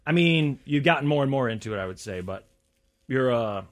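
A man's voice: mid-range voice, lively intonation, fairly quick. A man hosting a podcast, retelling a story in casual chat and acting out the quoted voices. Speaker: podcast host.

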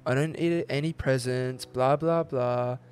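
A man's voice: medium pitch, steady tone, measured pace, a little mellow, clean tone. Sweary young Australian man telling stories. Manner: swears freely, tells stories with quoted voices. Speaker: podcast co-host. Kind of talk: casual chat.

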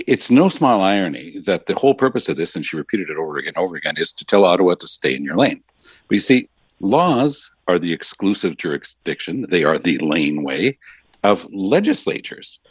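A man from Quebec giving measured, emphatic political commentary on a radio panel. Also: deep voice, husky, no echo.

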